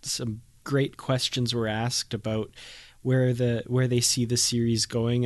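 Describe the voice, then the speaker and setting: A man with a mid-range voice co-hosts a podcast in relaxed chat. He speaks in a measured, friendly way and laughs easily. The recording is close and dry. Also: mid-range voice, no room sound. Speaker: podcast co-host. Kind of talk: casual podcast discussion.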